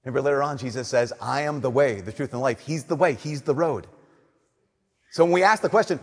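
A young man preaching a sermon as a Catholic priest, talking conversationally, sometimes playful and sometimes dropping to a hushed, earnest tone. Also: medium pitch, a little fast, husky. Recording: long reverb of a large church.

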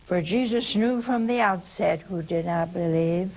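A woman's voice: fairly low pitch, unhurried, darkish tone, poor audio. A woman hosting a call-in show who answers a caller with emphatic religious teaching, repeating key points and quoting scripture at length.

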